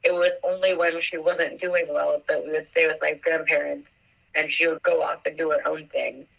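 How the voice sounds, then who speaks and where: A young woman telling a personal story in an interview, emotional and halting with many fillers. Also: deep voice, little pitch movement, gravelly, fairly bright tone, far from the mic, low-quality recording. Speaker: guest, victim's daughter.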